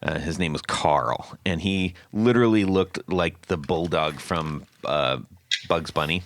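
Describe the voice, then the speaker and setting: A man hosting a podcast, telling a story in a casual, animated way and laughing often. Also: low voice, measured pace. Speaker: podcast host.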